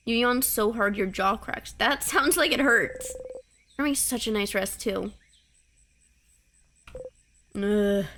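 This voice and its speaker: A woman's voice: mid-range voice, slow pace, long pauses, background noise. A young woman streamer chatting casually while playing a game, rambling and giggly as she tells stories. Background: game music.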